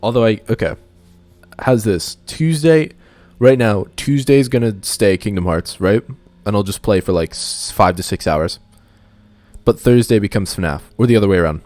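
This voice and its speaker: A man's voice: on the low side, normal speed, darkish tone, no echo, faint music behind. A man streaming a game and chatting casually in a rambling, joking way. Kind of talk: casual gaming stream chat.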